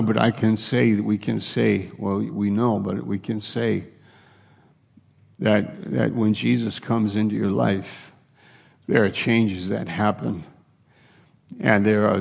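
A man's voice: on the low side, vocal fry, breathy edge, long reverb tail. A man preaching a sermon earnestly, acting out the dialogue of Bible figures and restarting his phrases often.

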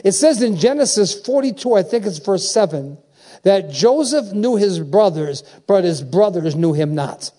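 A man in his seventies preaches with a high-pitched, mellow voice. He drives his points home with repeated phrases and keeps checking in with the congregation. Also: animated, measured pace. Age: 70s. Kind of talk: sermon.

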